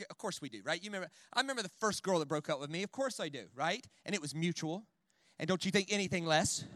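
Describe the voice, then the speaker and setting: A man preaching a sermon in a church in an animated, conversational way, full of jokes and quick "right?" asides. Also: high-pitched, dry recording, clean studio sound. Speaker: guest preacher. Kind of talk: sermon with storytelling.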